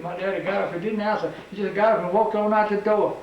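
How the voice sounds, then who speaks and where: Old man, fervent preacher-like storyteller; high, gravelly voice, far off in an echoey room. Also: steady tone, quick pace, few pauses, highs cut off, a little hiss or hum. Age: older. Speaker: museum tour guide. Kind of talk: oral storytelling. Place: old house museum, indoors.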